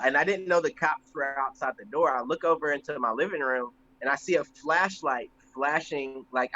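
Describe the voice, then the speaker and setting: A young man co-hosting a podcast, telling stories casually and acting out the voices of people in them. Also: on the high side. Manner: animated, acts out voices in anecdotes. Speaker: podcast co-host. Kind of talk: casual storytelling. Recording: slightly muffled lo-fi audio.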